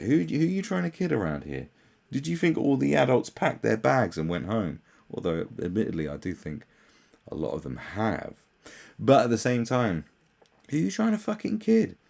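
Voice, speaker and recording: A man's voice: medium pitch, gravelly, darkish tone. A man ranting through a commentary video, profane, sarcastic and exasperated. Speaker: commentary channel host.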